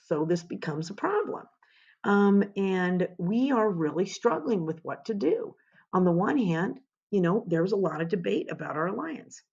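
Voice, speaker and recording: A woman's voice: mid-range voice, very animated, normal speed, gravelly, darkish tone, husky, lo-fi sound. A woman teaching a history lesson in an informal, conversational way, asking rhetorical questions as she goes. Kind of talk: informal classroom lecture.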